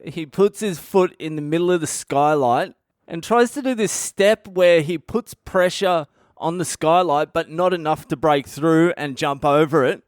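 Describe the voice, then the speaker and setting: An Australian man in his thirties, a comedian telling wild personal stories in a profane, animated way. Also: fairly high pitch, measured pace, clear, resonant tone, dry recording, clean studio sound. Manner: profane, animated, breaks into laughter. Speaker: comedian podcast host. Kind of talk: comic personal storytelling.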